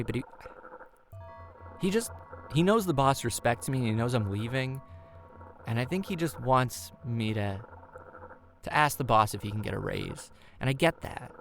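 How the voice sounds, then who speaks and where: A man in his twenties telling a comic personal story, rambling and self-deprecating, with many restarts, his voice jumping high when he acts out his own panic. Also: creaky. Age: 20s.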